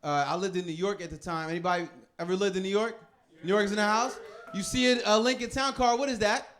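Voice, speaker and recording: A man in his thirties doing a stand-up comedy set, telling loose, laughing stories and switching quickly into other people's voices. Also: sits high, fairly even intonation, a bit bright.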